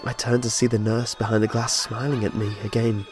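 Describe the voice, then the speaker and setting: A man's voice: on the low side, flat delivery, fairly quick. Male horror narrator, dramatic storytelling, light music bed. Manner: dramatic storytelling with voiced dialogue.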